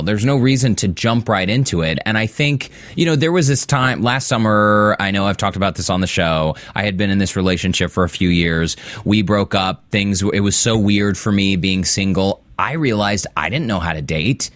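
Male podcast co-host, lower voice, casual and chatty, dry close mic. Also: normal speed, few pauses, fairly bright tone, no room sound. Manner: chatty, laughs often. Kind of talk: casual TV recap chat.

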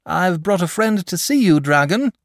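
A man voicing an eager, blunt village boy who talks briskly and impatiently, in a storybook reading. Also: mid-range voice, big pitch swings, no echo, studio quality, voice pushed up.

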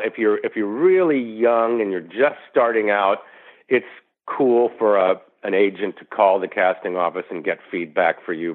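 A middle-aged actor talking as an interview guest, rambling through anecdotes with lots of "you know" restarts. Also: male voice, fairly low pitch. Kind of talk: casual interview storytelling. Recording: tinny phone line.

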